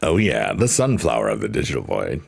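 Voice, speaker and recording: A man's voice: rumbling low, wildly swooping pitch, fairly quick, creaky, background noise. A man streaming live, chatting casually and playfully with his viewers, rambling and laughing often. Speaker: livestreamer. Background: soft piano.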